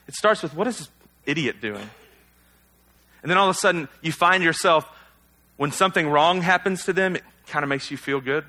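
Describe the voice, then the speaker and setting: A man's voice: fairly high pitch, fairly quick, bright, forceful tone. A male pastor giving a sermon in a conversational, self-deprecating way, full of rhetorical questions to the congregation.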